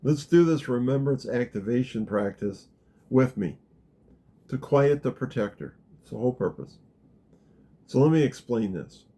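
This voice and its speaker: A man leading a gentle guided meditation talk, calm and unhurried, dropping very soft in the guided parts. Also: medium pitch, breathy edge. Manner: slow, gentle, drops to a near whisper in the guided parts. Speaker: spiritual teacher guiding a practice.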